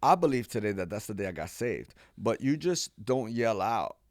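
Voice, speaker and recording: A man from Texas, a pastor and podcast guest, telling his life story in a lively, animated way, acting out what people said and laughing now and then. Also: lowish voice, normal speed, dry recording, clean studio sound. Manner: animated storyteller, acts out quotes, laughs often. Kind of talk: storytelling interview.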